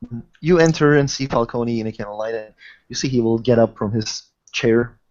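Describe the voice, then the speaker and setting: A game master narrating a tabletop role-playing scene in halting, non-native English phrasing. His pitch is in the middle range for a man. The audio comes through dull and lo-fi. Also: darkish tone.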